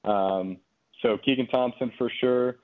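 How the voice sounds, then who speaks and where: A man's voice: medium pitch, unhurried. Man on a tinny phone line. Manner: relaxed storytelling, frequent fillers. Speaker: guest, former pitcher. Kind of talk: casual phone interview.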